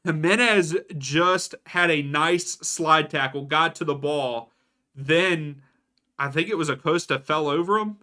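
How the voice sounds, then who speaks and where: A young man streams a live match watchalong, calling the plays in a casual way while he answers chat by name. His voice sits a bit high and comes across bright and forward. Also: a little slow. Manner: casual, reacts to plays and reads out chat names. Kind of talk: live match watchalong commentary chatting with viewers.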